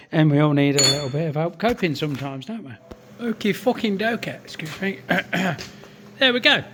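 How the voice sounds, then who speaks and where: A man with a slightly hoarse voice gives chatty, sweary commentary while working at a lathe in his workshop, full of self-mocking asides. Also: fairly high pitch, a bit bright. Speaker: workshop fabricator.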